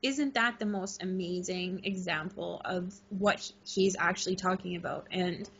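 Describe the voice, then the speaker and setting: A middle-aged woman telling an excited story in a casual interview, laughing often. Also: on the low side, normal speed, gravelly, slight background noise. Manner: animated, laughing, gushing. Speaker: guest. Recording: muffled lo-fi recording.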